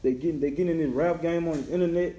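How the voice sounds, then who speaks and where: A man's voice: fairly high pitch, rapid-fire, dark tone. A man, a rapper guest talking in emphatic street slang. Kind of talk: casual chat. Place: indoor room on camera. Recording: roomy echo.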